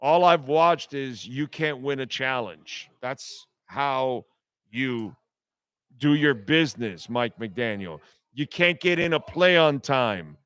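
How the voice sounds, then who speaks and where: A man's voice: mid-range voice, expressive, slow pace, fairly bright tone, clear, resonant tone, no room sound. A man hosting a sports talk radio show, ranting bluntly and sarcastically with plenty of profanity.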